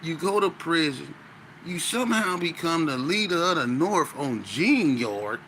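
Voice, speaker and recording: Speaking at a measured pace in a somewhat high voice, a male podcast guest animatedly tells a story during casual conversation. He keeps saying "you know what I'm saying," and the audio has a little hiss or hum.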